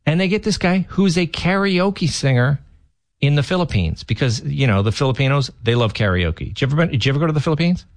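A man's voice: on the high side, expressive, fast talker. A man filling in as radio host, chatting casually and rambling, often repeating words and laughing as he talks.

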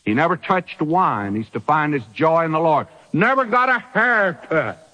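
A man's voice: fairly high pitch, very animated, a little slow, sharp tone. A man preaching a sermon, emphatic and full of rhetorical questions.

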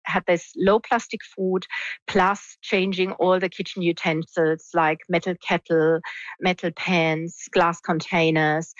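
A woman researcher explaining a study in an interview, measured and using fillers. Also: fairly low pitch, no echo, muffled recording. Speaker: researcher guest.

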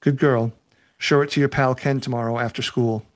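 A man voicing an eerie possessed teenage girl who speaks in a low, creaky voice. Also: fairly even intonation, moderate pace, lightly acted. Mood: calm.

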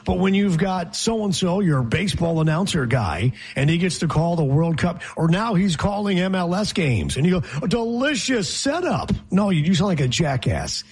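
A man's voice: fairly high pitch, sing-song, moderate pace, hardly any pauses, a little mellow, husky. A man co-hosting a casual comedic podcast, ranting sarcastically. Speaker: podcast co-host.

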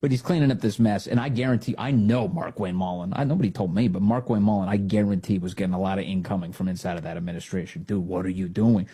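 A man hosting a talk radio show, giving opinionated commentary in an animated, emphatic way with sarcastic asides, on a studio microphone. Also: on the low side, quick pace, few pauses, breathy edge.

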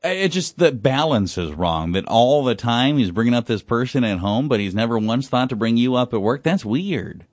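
A man hosting a morning radio talk show, telling a listener's story in a lively, animated way. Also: mid-range voice, moderate pace, few pauses, dry recording.

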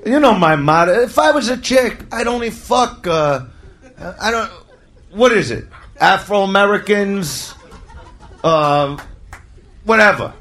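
A male stand-up comic with a very high, lively, bright voice, delivering a loud, crude, rambling routine to an audience. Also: takes it slowly, pauses often. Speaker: stand-up comedian. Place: comedy stage before a crowd.

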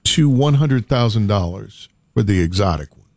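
A man's voice: on the low side, animated, normal speed, darkish tone, no echo. A man hosting a casual talk show, spinning a playful what-if story.

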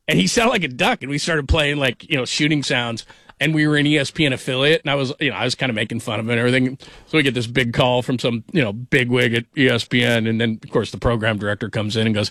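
A man's voice: mid-range voice, expressive, fast talker, a bit bright, no echo, studio quality. A man hosting a sports radio show, talking casually, rambling and laughing often. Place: radio studio. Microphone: studio microphone.

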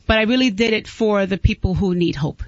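A woman's voice: medium pitch, a little fast, dry recording. Earnest woman guest, dull radio sound. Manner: earnest, heartfelt, frequent restarts. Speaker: guest author. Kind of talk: candid interview talk.

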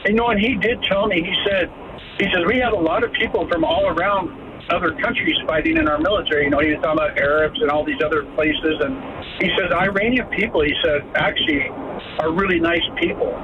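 A man's voice: a little high, fast. Caller, man in his late fifties, earnest rambling storyteller, tinny noisy phone line. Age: 50s. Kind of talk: call-in radio story.

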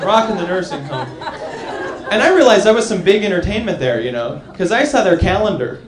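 A man doing a stand-up comedy set, telling jokey stories with an animated, laughing delivery. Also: high voice, brisk. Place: comedy club stage before a live audience. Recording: echoey club with crowd.

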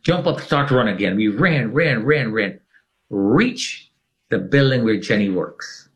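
A man's voice: mid-range voice, measured pace. A man as an interview guest, telling a dramatic personal story and acting out the scenes. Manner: animated, acts out scenes.

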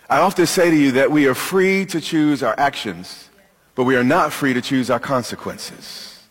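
A man preaching a sermon as pastor, emphatic, with dramatic pauses and questions to the congregation. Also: mid-range voice, husky, in a large hall.

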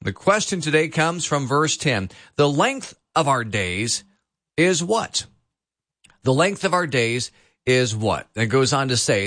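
A man's voice: mid-range voice, very animated, slow pace, fairly bright tone. A man hosts a Bible quiz on the radio, reading verses aloud and leaning on key words as he explains them. His voice sits in a middle register. The studio sound is dry and close, with no room echo. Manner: reads scripture aloud, explains words with emphasis. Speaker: radio host.

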